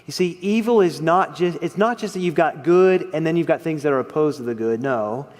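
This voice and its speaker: A man preaches in a high register, leaning hard into key words and then falling quiet. The sermon rings out with long reverb, as in a church hall. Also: brisk. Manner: expressive, rises and drops in volume for emphasis.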